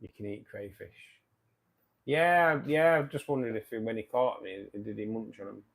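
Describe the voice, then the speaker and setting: A man hosting a casual live stream, greeting viewers by name and chatting loosely, his sentences often trailing off softer at the end. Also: fairly low pitch, lively intonation, normal speed. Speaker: livestream host. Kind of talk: casual live chat reading viewer comments.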